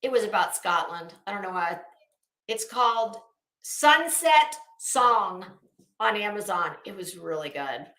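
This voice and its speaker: A woman's voice: medium pitch, lively intonation, a little slow, bright, forceful tone, reverberant. A woman streamer doing casual commentary, chatty and sassy, talking straight to the people she discusses. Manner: chatty, sassy, addresses people directly with asides and laughs.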